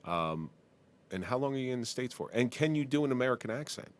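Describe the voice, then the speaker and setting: A man's voice: mid-range voice, animated, fast talker. A man with a New Jersey accent hosting a podcast, asking questions and teasing his guest. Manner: joking, asks questions. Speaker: podcast host. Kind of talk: casual interview chat.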